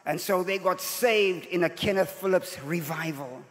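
A man in his sixties preaches as a visiting bishop, his voice sitting high for a man. He tells his story in a sermon and jumps up sharply when he acts out the people in it. The voice rings with the long reverb of a large church hall. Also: moderate pace. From Zimbabwe. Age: 60s. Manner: storytelling, acting out quoted voices with sudden rises.

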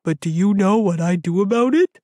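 A woman voicing a kind, gentle male bear who talks in a calm, reassuring way, in a children's audiobook. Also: mid-range voice, no room sound, clean studio sound, lightly acted. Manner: warm, calming, slow and reassuring.

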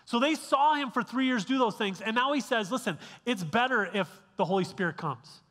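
Pastor guy preaching, high bright voice, lots of "right?", big reverby church sound. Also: lively intonation, a little fast. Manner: conversational, frequent restarts and "right?" checks. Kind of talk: sermon. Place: church sanctuary.

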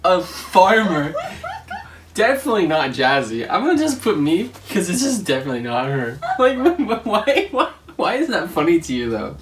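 A man's voice: high-pitched, very animated, normal speed, recorded from a distance, a little hiss or hum. A young man co-hosting a couple's vlog, chatting casually and teasing through a party game, laughing often. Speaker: co-host of a couple channel.

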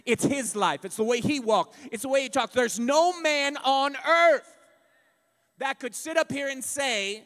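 A male pastor preaching a sermon, emphatic and building to shouts. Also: extremely high pitch, animated, moderate pace. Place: church sanctuary. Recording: long reverb of a church hall.

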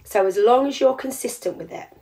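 A woman's voice: a little high, brisk, dark tone. Woman, jewellery teacher, chatty live demo, step-by-step instructions. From England. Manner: chatty, explains step by step while working. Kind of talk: live craft demonstration.

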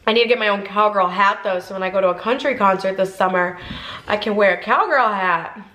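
A woman's voice: medium pitch, fairly quick, bright, forceful tone, reverberant, muffled recording. A young woman from Ohio chatting casually through a mukbang vlog, rambling with lots of fillers. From Ohio, USA. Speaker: vlogger. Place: inside a car.

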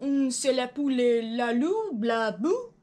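A woman's voice: high-pitched, sing-song, takes it slowly, dark tone, full character voice. A woman doing a clueless young actor. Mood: goofy.

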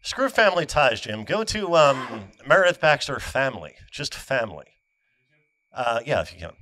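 A man's voice: medium pitch, very animated, normal speed, pushed and bright, no echo. A man co-hosting a comedy podcast who argues like a mock prosecutor and stumbles over his words. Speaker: podcast co-host. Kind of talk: casual comedic debate.

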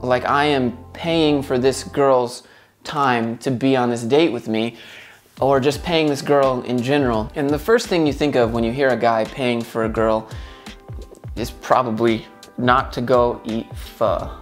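A man hosting his own video channel, telling a dating story in a casual, animated way. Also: mid-range voice, unhurried, faint music behind. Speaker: YouTube host.

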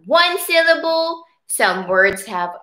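Leading preschool circle time, a woman speaks slowly in a sing-song style, stretching out her words for small children. Her bright, slightly high voice swings widely in pitch and sounds patient and encouraging.

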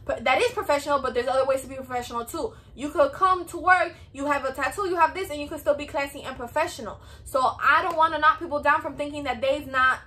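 A woman's voice: sits high, fast talker, hardly any pauses, pushed and bright. A woman in her twenties with a Hispanic American accent, giving work advice in a chatty, peppy, repetitive vlog style. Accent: Hispanic American English.

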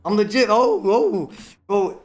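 A man streaming live gameplay, trash-talking and swearing a lot, with sudden bursts of yelling as he coaches viewers through fights. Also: high-pitched, very animated, slow pace.

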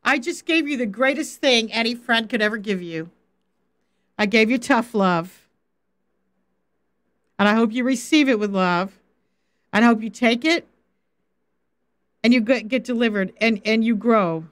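A middle-aged woman, a faith coach, gives a Bible teaching on a livestream, speaking firmly and directly to viewers in the chat. Her voice is a little high and a little slow, and she pauses often.

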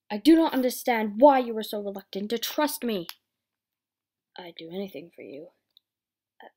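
A woman's voice: mid-range voice, dark tone, breathy edge, pitched below the performer's own voice. A young woman voicing a passionate young male horse who leads a revolution, spoken dramatically. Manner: dramatic, impassioned.

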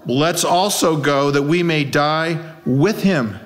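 Pastor preaching a conversational sermon. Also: male voice, on the high side, takes it slowly, soft background music. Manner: conversational preaching with rhetorical questions. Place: church.

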